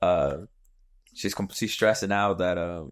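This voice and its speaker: A young man hosting a podcast, telling a story in casual chat, animated and swearing, acting out what people said. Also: low-pitched, unhurried, smooth. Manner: animated, swearing, acts out quotes. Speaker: podcast host.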